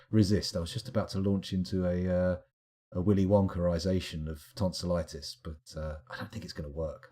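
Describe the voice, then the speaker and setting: A man giving live, rambling let's-play commentary, animated and self-mocking as he chats and wanders off on tangents. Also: low voice. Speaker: streamer playing a management game.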